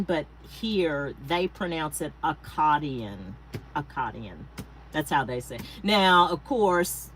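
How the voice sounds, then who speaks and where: A woman's voice: fairly low pitch, a little hiss or hum, low-quality recording. A woman hosting a casual craft livestream, chatting and thanking viewers by name with rambling asides. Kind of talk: casual live-stream chat. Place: home craft space.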